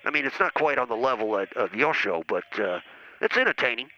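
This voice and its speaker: A phone-in guest on a comedy show, this man has a medium-pitched, sing-song, sharp voice and talks a little fast. He rambles and needles in comedic banter, with many hesitant uhs, over a muffled call-in line with faint noise.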